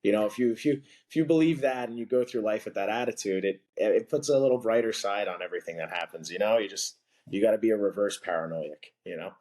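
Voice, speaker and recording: Man, podcast guest, lowish voice, rambling chatty storyteller, laughs often between phrases. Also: quick pace, a little mellow. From from a blue-collar family. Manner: loose and chatty, heavy with "like" and "you know", laughs between phrases. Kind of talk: casual storytelling in conversation.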